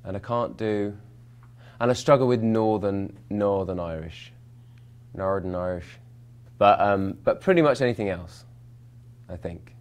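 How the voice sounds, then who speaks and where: Deep-voiced man, rambling and self-mocking. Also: unhurried, a little mellow. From England, London. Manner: rambling, self-mocking, many fillers and restarts. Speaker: actor as interview guest. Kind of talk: casual interview answers.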